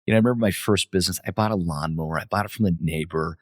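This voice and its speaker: A man with a very low voice speaks in an unhurried, reflective way, stopping and restarting as he recalls things. The sound is close and dry, with no room around it. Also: no room sound. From United States. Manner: many fillers and restarts, reflective. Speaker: guest, company CEO. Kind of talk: relaxed interview storytelling.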